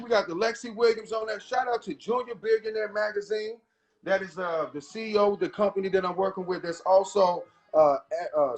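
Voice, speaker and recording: A man's voice: high-pitched, a bit bright. A man hosting a casual cooking show from his home kitchen, chatting loosely and talking straight to his viewers. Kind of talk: casual live cooking chat. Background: faint jazz music.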